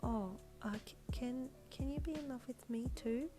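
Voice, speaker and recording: Woman doing a soft, shy little boy. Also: sits high, moderate pace, soft background music, pitched above the performer's own voice, close to an everyday voice. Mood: timid. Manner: soft, hesitant, stammering.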